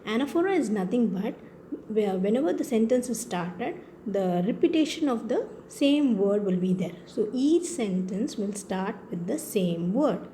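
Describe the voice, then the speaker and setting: Woman, Indian English accent, teacher, patient and repetitive, warm soft tone. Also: medium pitch, animated, a little slow, a little hiss or hum. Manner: patient, repetitive explaining with frequent checks for understanding. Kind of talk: classroom lesson on poetry.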